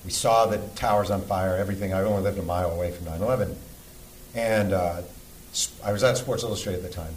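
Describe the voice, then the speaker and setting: A man's voice: sits low, quick pace, roomy sound, slight background noise, low-quality recording. A man from New York hosting a podcast, telling an earnest, emotional story before a live audience, with blunt swearing. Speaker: podcast host and sportswriter.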